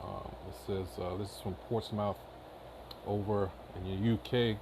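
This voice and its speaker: A man's voice: on the low side, fairly even intonation, unhurried, background noise. A man reading news headlines aloud in casual commentary, with many filler uhs and short asides. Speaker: commentary channel host.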